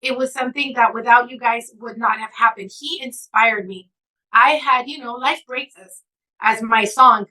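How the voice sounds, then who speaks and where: A woman's voice: on the high side, steady tone, moderate pace, pushed and bright, rough recording. A woman author being interviewed, telling stories earnestly and with emotion, switching into Spanish at times. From California, United States. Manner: emotional, earnest storytelling, slipping into Spanish phrases. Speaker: author and guest. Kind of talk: heartfelt interview answer.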